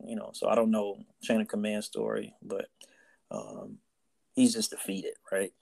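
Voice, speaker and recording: A man's voice: fairly low pitch, big pitch swings, measured pace, creaky, a little mellow, slightly rough. A man co-hosting a casual podcast chat, telling a story and often tagging lines with "right?" and "you know". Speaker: podcast co-host, Navy sailor.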